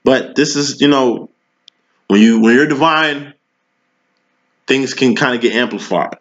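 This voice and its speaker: A man's voice: mid-range voice, measured pace. A man giving a casual tarot reading, talking in slang and preaching, always checking in with "you know what I'm saying". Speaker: tarot reader. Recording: dull lo-fi recording.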